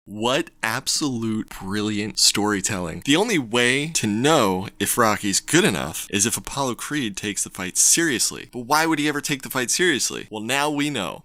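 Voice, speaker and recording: A man hosting a movie reaction, talking casually and excitedly, often exclaiming and laughing. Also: mid-range voice, moderate pace, few pauses, no echo. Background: film soundtrack playing.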